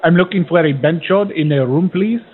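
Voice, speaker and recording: A man putting on the voice of a confused caller who talks in broken, halting phrases over a tinny phone line. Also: fairly high pitch, a little hiss or hum, lightly acted. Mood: pestering.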